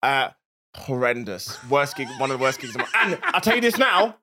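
A man co-hosting a comedy podcast, telling anecdotes in a casual, animated, swearing manner. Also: medium pitch, a little fast, slight background noise. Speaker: podcast co-host. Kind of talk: casual comic storytelling.

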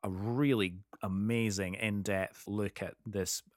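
A man co-hosting a podcast, introducing the guest in a measured, explanatory way. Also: lowish voice, fairly even intonation, a little mellow, no echo, clean studio sound. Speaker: podcast co-host. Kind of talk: casual interview chat.

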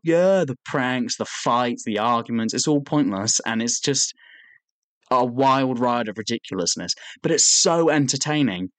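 A man's voice: mid-range voice, no room sound. A young man, a podcast co-host, telling a story in casual chat, swearing often and acting out the lines of the people he talks about. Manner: animated storytelling, swears a lot, acts out quotes.

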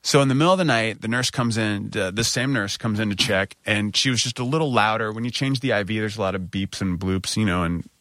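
A man telling a long personal story in casual chat, raspy from a cold and animated, jumping his voice up high when he quotes people. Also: fast talker, few pauses, no echo. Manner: animated, acts out quoted lines in a higher voice.

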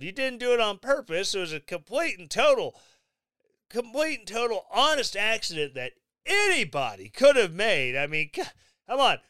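A man giving sarcastic, mocking commentary on the news, with animated asides. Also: high-pitched, clean tone, no echo. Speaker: commentary vlogger.

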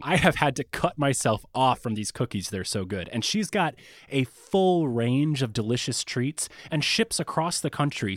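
A man's voice: mid-range voice, no room sound, clean studio sound. A man hosting a podcast, reading announcements and an ad with enthusiasm. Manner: enthusiastic, animated. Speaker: podcast host. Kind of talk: podcast narration and ad read.

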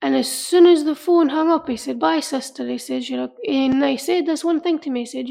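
A woman telling an emotional personal story in an earnest, halting way, often repeating herself. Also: high voice, creaky. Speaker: interviewee. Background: soft music.

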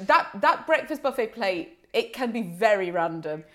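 A woman co-hosting a podcast, teasing and quick with jokes in casual chat. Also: medium pitch, sing-song. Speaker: podcast co-host.

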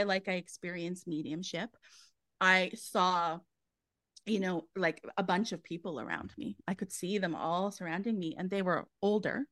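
A woman's voice: mid-range voice, a bit bright, no echo. A woman, a guest medium telling her story in a casual interview, chatty and full of fillers. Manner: chatty, many fillers and restarts.

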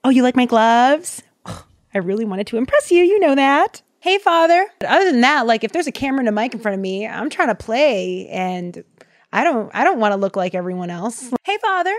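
A young woman hosts a casual podcast from a studio, joking around and rambling playfully. Her voice sits high. She speaks into a studio microphone. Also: lively intonation, fairly quick. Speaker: podcast host. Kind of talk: casual chat.

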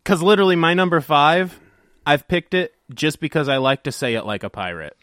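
A man hosting a podcast, joking loudly with friends, laughing and swearing often. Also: on the high side, animated, brisk, no echo, studio quality. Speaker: podcast host. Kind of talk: casual banter among friends.

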